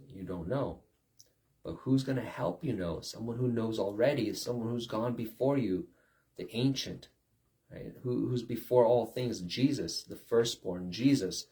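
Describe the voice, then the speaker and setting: A man's voice: on the low side, a little mellow. A man giving a conversational sermon, often asking "right?" and acting out short quoted voices. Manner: conversational preaching with acted-out quotes and repeated "right?". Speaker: preacher.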